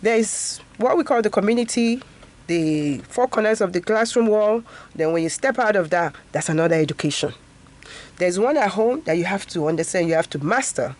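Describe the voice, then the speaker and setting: A woman's voice: medium pitch, expressive, fairly quick, darkish tone. A woman in her fifties, a guest in an interview, talking earnestly about education and often breaking into a laugh. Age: 50s. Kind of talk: casual interview talk.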